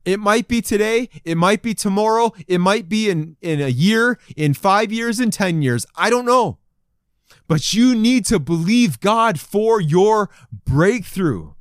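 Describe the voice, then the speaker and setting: Animated high-voiced male preacher. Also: unhurried, smooth, no echo, clean studio sound. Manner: animated, acts out crowd voices in quotes. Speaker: pastor. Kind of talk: sermon to men.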